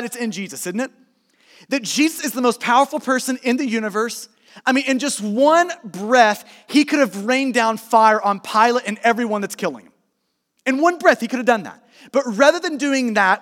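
A man preaching a sermon as pastor, emphatic, swinging between loud urging and hushed softer passages. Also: extremely high pitch, big-room sound.

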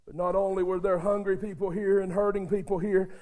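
A male preacher with a strikingly high voice delivers a sermon. He goes from near-whispered intimacy up to shouted fervor and keeps calling on the congregation to respond. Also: little pitch movement, fairly quick. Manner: addresses the congregation directly, calls for responses.

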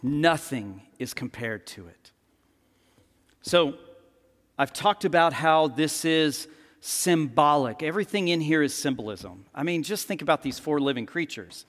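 High-voiced preacher in a reverberant hall. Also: male voice, moderate pace. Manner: animated storytelling, acts out quotes. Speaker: pastor. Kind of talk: sermon.

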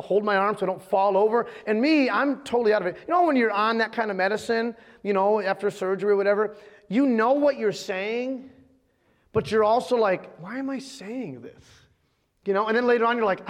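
A pastor with a very high voice preaches to his church. He tells a story with lively storytelling and acts out the lines he quotes. His voice rings with a long hall reverb. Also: fast talker. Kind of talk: sermon with personal story. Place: church sanctuary.

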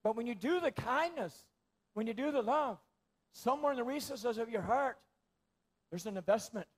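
High-voiced man preaching a sermon. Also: animated, normal speed. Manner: swings between loud emphasis and near-whispers; repeats phrases for emphasis. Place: church.

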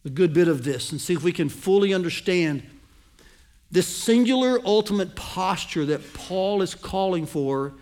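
Pastor guy with a high voice preaching, slows way down on the big lines, keeps asking if folks are following. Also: expressive, a little mellow. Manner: teaching, asks the congregation to follow along; slows down and lands key phrases with emphasis. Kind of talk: sermon.

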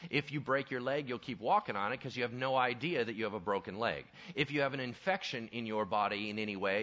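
A man preaching a sermon in a church sanctuary, telling Bible stories with humor and dropping to quiet intensity for serious points. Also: medium pitch, muffled recording. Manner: animated, humorous storytelling, shifts to quiet intensity. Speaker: pastor.

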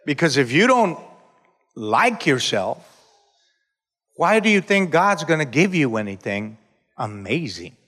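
Slow-preaching man in an echoing hall. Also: on the high side, very animated. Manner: preaching with call-and-response, bursts into shouts. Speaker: pastor. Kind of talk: sermon. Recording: reverberant church hall.

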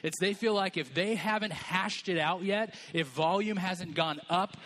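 A man's voice: high-pitched, a little slow, a bit bright, a little hiss or hum. A man preaching a sermon in a church, conversational and joking, acting out people's voices. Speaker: pastor.

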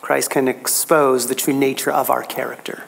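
A man preaching a sermon, emphatic, his pitch rising on key phrases. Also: flat delivery, moderate pace, creaky.

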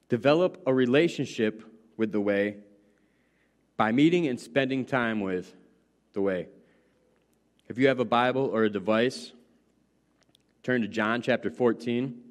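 A middle-aged man preaching a sermon, retelling scripture in a casual, storytelling way. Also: medium pitch. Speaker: pastor.

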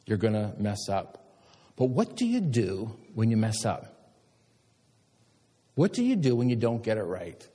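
A middle-aged man, a pastor preaching a sermon and telling stories with animated emphasis. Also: fairly low pitch, unhurried, pauses often, breathy edge. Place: church sanctuary. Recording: long church hall reverb.

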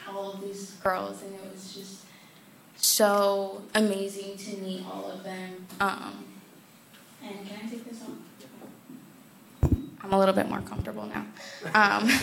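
A teenage girl shares her testimony before a church in a hesitant, halting way, filling her pauses. Her voice is heavily gravelly with fry, and she speaks slowly and steadily on a flat pitch. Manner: hesitant, many fillers. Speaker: church member sharing testimony.

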